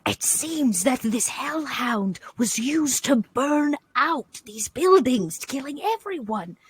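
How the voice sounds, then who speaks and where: A woman voicing a soft-spoken, wary adventurer who reports grim findings in a hushed, low, grave tone. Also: expressive, takes it slowly, husky, heavily acted.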